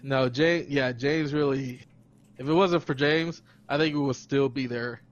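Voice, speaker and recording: A man's voice: mid-range voice, fairly even intonation, a little slow, muffled recording. A man casually telling a story on a podcast, rambling, repeating words and laughing a lot. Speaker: podcast host.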